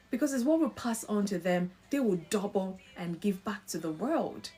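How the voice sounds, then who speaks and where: A woman hosting a live-stream marriage talk, animated and acting out the voices of family members. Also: fairly high pitch. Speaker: host.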